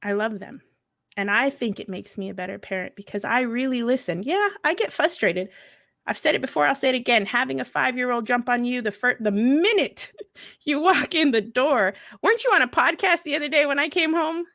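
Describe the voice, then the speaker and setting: A woman's voice: sits high, animated, fairly quick, a bit bright, no echo, clean studio sound. A woman in her thirties, a veteran and mother, telling candid stories at a mental health event in a blunt, profane way, often laughing. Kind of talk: candid storytelling.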